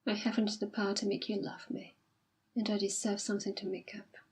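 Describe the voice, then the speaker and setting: Jilted young woman, dignified and quiet, breathy husky timbre, as voiced by a woman reader. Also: medium pitch, little pitch movement, a little fast, whispered. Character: jilted young woman, proud and self-sacrificing. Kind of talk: audiobook reading.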